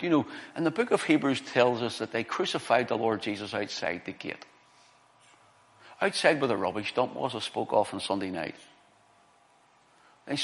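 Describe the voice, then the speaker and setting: A man preaching a sermon, explaining scripture and reading passages aloud, with frequent restarts. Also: mid-range voice. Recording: long reverb of a hall.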